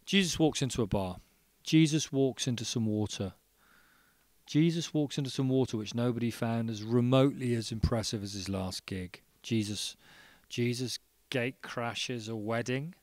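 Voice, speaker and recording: A man doing a stand-up comedy set in a studio, telling rambling absurd jokes in a deadpan manner. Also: mid-range voice, moderate pace, no echo.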